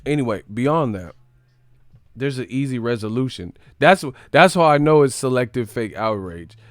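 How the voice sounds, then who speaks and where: A man hosts a boxing live stream, ranting with profanity and plenty of animation. His voice sits in a middle pitch and sounds dry and close. Faint music plays underneath. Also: expressive, normal speed, no echo. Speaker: boxing channel host.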